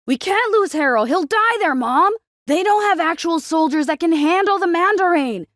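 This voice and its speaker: A frantic teenage boy begs his mother for help in a high, loud, urgent voice, as a woman narrator puts him on. He presses on and on, his voice pushed up near breaking. The recording is dry and close. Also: animated, moderate pace, dry recording. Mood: desperate. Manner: urgent, pleading.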